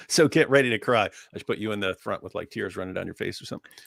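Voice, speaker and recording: A man's voice: on the low side, quick pace, creaky, fairly bright tone, no echo, studio quality. A man co-hosting a casual livestream chat, joking and laughing often as he talks. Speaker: co-host.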